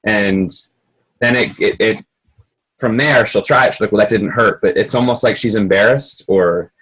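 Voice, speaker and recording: A man, a gym coach, chatting casually and telling a story about a client in a quick, lively way. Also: lowish voice, breathy edge, poor audio. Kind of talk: casual podcast discussion.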